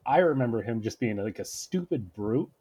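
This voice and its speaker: A man's voice: medium pitch, animated, moderate pace, mellow, breathy edge. A man co-hosting a casual movie podcast, making wry, dry jokes. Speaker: podcast co-host. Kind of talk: casual movie-rewatch chat.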